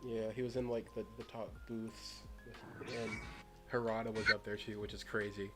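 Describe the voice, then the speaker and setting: A man's voice: on the low side, flat delivery, normal speed, sharp tone, soft background music. A young man co-hosting a podcast, telling a story in a rambling, casual way with many fillers. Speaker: podcast co-host. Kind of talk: casual chat among friends.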